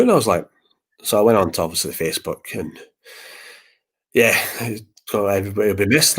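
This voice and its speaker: Brisk and husky, with a lowish voice, a podcast host chats casually about grief. He rambles, repeats himself, and reenacts past exchanges.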